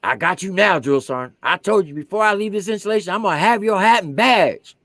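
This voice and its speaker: A man acting out a stern middle-aged army colonel who barks threats and accusations, in a pitch raised well above his own. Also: animated, fairly quick, fairly bright tone, dry recording. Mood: accusing.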